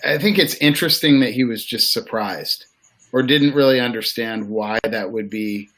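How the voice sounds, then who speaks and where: A man hosting a podcast, chatting bluntly and casually with frequent swearing and halting restarts. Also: mid-range voice, fairly bright tone. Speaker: podcast host. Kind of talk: casual interview chat.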